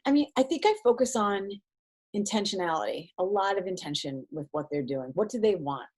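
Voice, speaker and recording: A woman's voice: fairly quick, slightly rough. A woman in her thirties, a guest on an interview podcast, talking casually and acting out quoted exchanges. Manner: animated, acts out quoted exchanges in a higher voice. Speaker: podcast guest, triathlete and mindset coach.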